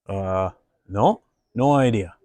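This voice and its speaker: A man's voice: on the low side, takes it slowly, warm tone, no room sound, pitched below the performer's own voice. A sly driver pulled over for speeding, put on by a man telling a joke. He plays innocent and hesitates over his words. The voice is dry and close.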